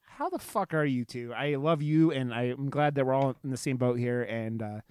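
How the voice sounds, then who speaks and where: A man co-hosts a podcast in loose, rambling talk, swearing as he goes. His voice is smooth and resonant, and the sound is dry and close. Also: mid-range voice, moderate pace, darkish tone, no room sound. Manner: rambling, swearing, self-deprecating. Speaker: podcast co-host. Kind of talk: casual chat.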